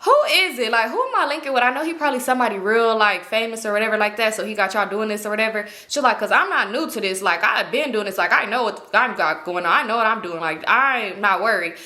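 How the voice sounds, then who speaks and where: A woman's voice: mid-range voice, fast talker, few pauses, sharp tone. A young woman vlogger telling a story in casual slang, swearing freely and acting out what others said. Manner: slangy, profane, acts out quoted lines.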